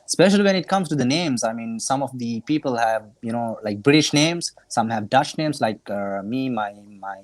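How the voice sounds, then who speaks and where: A man, a guest in a casual live chat who talks in a relaxed way with many fillers. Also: mid-range voice, moderate pace, few pauses, no echo. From Sri Lanka. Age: 20s.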